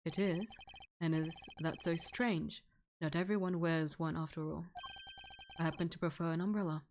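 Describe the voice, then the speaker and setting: A woman reading the lines of a polite, evasive male ice cream seller in a game, in a slightly lowered, unhurried voice. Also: steady tone, darkish tone, a little hiss or hum.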